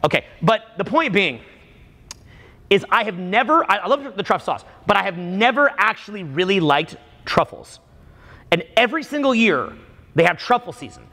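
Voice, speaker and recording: A man in his forties giving a live talk to a room audience, an animated, jokey storyteller who acts out little scenes and quizzes the crowd. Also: high-pitched, normal speed, in a large hall. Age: 40s. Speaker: seminar speaker.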